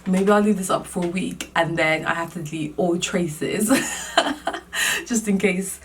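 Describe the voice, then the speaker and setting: A woman vlogger telling a dating story in a casual, animated and exasperated way. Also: on the low side, measured pace, distant mic, slight background noise.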